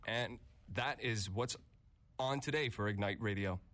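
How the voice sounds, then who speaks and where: A man's voice: on the low side, fairly bright tone, slight background noise. A man hosting a student radio show, chatting casually and laughing easily with his co-host. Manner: laid-back, chatty, quick to laugh. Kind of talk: casual chat.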